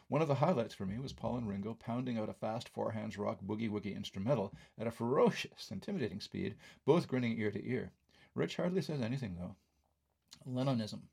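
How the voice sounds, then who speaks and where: An older man reads his own review aloud in a gravelly, husky voice. He is wry and conversational, and he drops offhand asides between his points. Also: medium pitch, darkish tone. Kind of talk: read-aloud film review essay.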